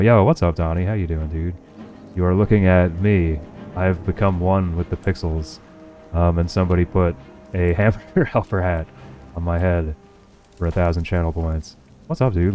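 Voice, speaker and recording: A man's voice: deep voice, mellow, highs cut off. A young man streaming gameplay, chatting casually with viewers in a profane, sarcastic running commentary. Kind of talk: casual livestream gameplay chat.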